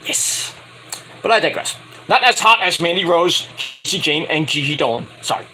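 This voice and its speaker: A man's voice: a little high, expressive, brisk, bright, forceful tone, a little hiss or hum, poor audio. A man giving a casual, crude and opinionated wrestling review, swearing freely.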